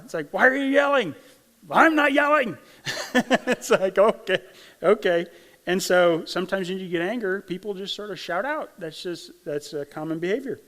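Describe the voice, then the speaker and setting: A middle-aged man from Arkansas preaching a sermon as pastor, with a conversational, folksy manner and frequent check-ins with the congregation. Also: a little high. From Arkansas, USA. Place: church sanctuary. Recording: long church hall reverb.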